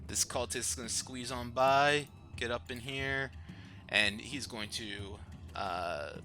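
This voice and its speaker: A man with a mid-range voice and a sharp tone speaks slowly as the dungeon master of a live tabletop game. He describes the action in an easygoing manner and laughs often, with music playing in the background.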